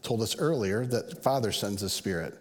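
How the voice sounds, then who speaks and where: Earnest pastor preaching in a reverberant hall. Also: male voice, fairly low pitch, a little fast. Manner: conversational, earnest, acts out quoted voices. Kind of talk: sermon. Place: large church hall.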